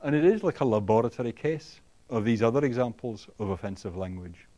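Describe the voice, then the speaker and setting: Male lecturer in a classroom; average pitch, halting delivery with fillers and restarts, explains step by step and checks in with students. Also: warm tone. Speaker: university lecturer. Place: lecture hall.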